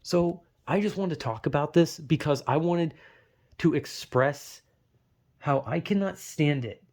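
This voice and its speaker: A man rants to camera about a video game, swearing constantly. His voice sits at an ordinary pitch and keeps jumping up into loud, exasperated outbursts. He sounds worn down, as if nursing a headache. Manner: angry, swearing rant with sudden loud outbursts. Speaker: gaming vlogger. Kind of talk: ranting vlog monologue.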